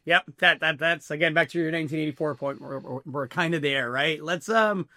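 A man's voice: a little high, fairly quick, bright, forceful tone, dry recording, clean studio sound. A man co-hosting a podcast, talking earnestly to listeners, often restarting his words. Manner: earnest, addresses listeners as folks, stammering restarts. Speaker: podcast co-host. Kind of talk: casual podcast discussion.

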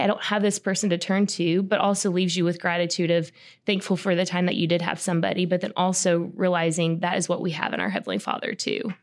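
A woman guest on a podcast, sincerely and reflectively sharing her personal faith story. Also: on the low side.

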